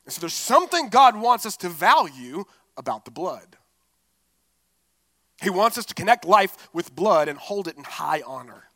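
Preacher, male, high bright voice, lively and conversational, dry close mic. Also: normal speed, dry recording. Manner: expressive preaching, casual asides with "like" and "right?". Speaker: pastor. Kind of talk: sermon.

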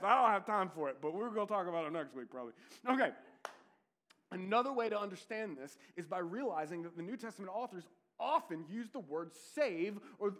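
A man preaching a sermon as pastor, earnest and emphatic, with conversational asides and rhetorical questions. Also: sits high. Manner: earnest preaching, rising to emphatic peaks and dropping to quiet intensity.

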